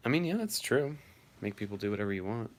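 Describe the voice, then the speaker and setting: A man's voice: fairly low pitch, sing-song, fast talker. A man hosting a casual live stream, reading viewers' messages aloud and answering them offhandedly.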